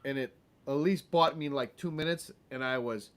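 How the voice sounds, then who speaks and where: A man's voice: medium pitch, normal speed. A man co-hosting a casual comedy chat show, joking and teasing his partner. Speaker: co-host.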